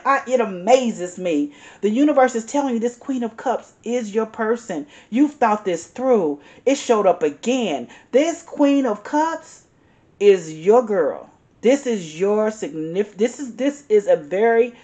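A tarot reader with a medium-pitched, somewhat dark voice gives an earnest, encouraging reading. She's emphatic and repeats herself, calling the listener "honey" and saying "y'all."

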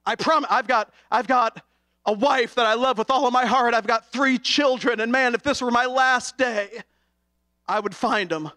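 A middle-aged man preaching an impassioned sermon, going from hushed to shouting. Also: extremely high pitch, normal speed. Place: college chapel.

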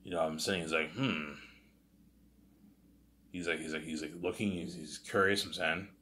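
Deep-voiced man rambling through a story. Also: fairly even intonation, fast, pushed and bright. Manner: rambling, with many restarts and "you know what I'm saying"; casual, with swearing. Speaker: host. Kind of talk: casual storytelling monologue.

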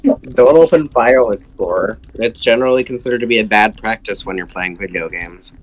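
A man chatting with friends while they play an online game together, excitable and teasing, shouting warnings when things get tense. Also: fairly low pitch, brisk, a little hiss or hum. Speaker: player in a group voice chat. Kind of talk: casual gaming chat. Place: at home with a cat nearby.

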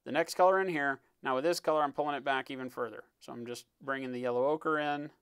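A man talking through a live-stream painting tutorial in a relaxed, explanatory way, often checking in with "right?" and sometimes muttering as he works. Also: medium pitch, quick pace, clean tone, dry recording. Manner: muttering while working. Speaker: miniature painting instructor.

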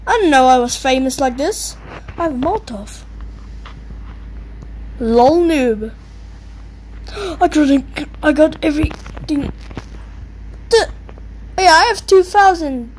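A young woman giving excitable, taunting commentary while playing a video game, yelping and squealing at the action. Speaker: gamer. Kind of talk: gameplay commentary. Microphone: low-quality mic. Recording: faint noisy low-quality mic.

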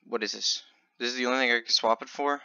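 A man commentating his online gambling in a casual video, stammering and swinging between loud excitement and quiet muttering. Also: mid-range voice, fast talker, creaky, clear, resonant tone, no room sound, lo-fi sound. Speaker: gaming video creator.

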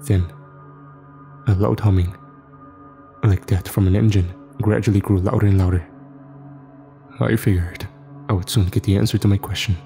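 Gravelly-voiced man narrating a horror story. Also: on the low side, dark tone. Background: faint music.

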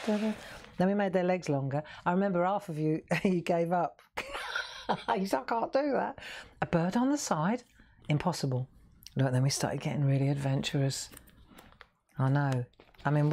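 A woman's voice: lowish voice, a little mellow. Chatty woman hosting a craft stream. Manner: chatty, playful, sings snippets and jokes with viewers. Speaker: craft show host. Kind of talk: live craft stream chat.

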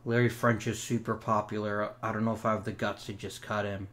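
A young gaming channel host with a fairly low voice provides let's play commentary on a sports management game, thinking aloud about trades and his roster. He sarcastically answers back when his virtual players complain, in a flat, fairly quick, slightly bright delivery.

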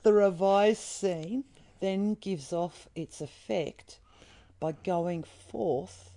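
Slow, thoughtful woman co-host. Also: fairly low pitch, mellow. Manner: thoughtful, reads aloud and asks questions. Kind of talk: casual livestream chat.

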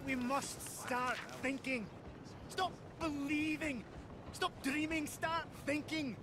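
A man's voice: very high-pitched, fairly even intonation, takes it slowly, noisy background. An actor with a Scottish accent playing a fervent male street prophet who solemnly warns of doom in a video game. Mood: urgent. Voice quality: solemn, declaiming. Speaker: street preacher of science. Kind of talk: game voice acting.

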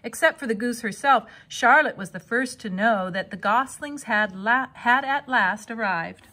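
A woman reading a children's novel aloud with expressive storytelling. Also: fairly high pitch, a little slow. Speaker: reader.

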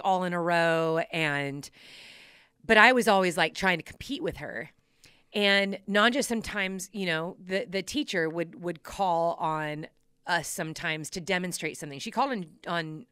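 A woman hosting a podcast, telling personal stories in a casual, animated way and laughing often. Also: medium pitch, clean tone, no room sound, studio quality. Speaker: podcast host. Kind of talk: casual storytelling chat.

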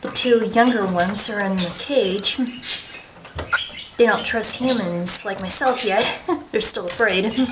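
A woman's voice: medium pitch, slow, long pauses, noisy background. A woman filming her pet birds at home with a handheld camera, explaining what they do and talking sweetly to them in a sing-song voice. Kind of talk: casual home video narration. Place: home room with a china cabinet. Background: bird chirps and squeals.

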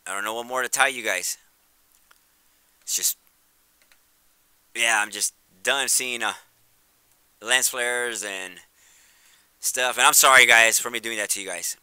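A man talking casually over his video footage, eager and repetitive as he points things out, then turning soft and apologetic. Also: mid-range voice, takes it slowly, long pauses, clean tone, dry recording. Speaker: video creator. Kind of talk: casual vlog commentary.

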